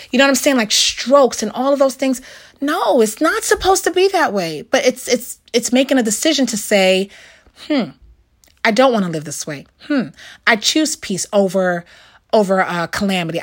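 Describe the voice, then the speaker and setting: A middle-aged woman giving a casual Christian devotional talk, animated and conversational, full of fillers and little acted-out quotes. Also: a little high.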